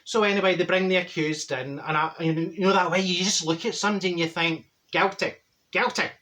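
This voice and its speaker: A man voices a blunt, brash middle-aged woman from Glasgow in a comedic monologue, his delivery high-pitched, pushed, and bright, fairly quick and fairly even in intonation. Gossiping away, the character spins a rambling tale full of garbled sayings.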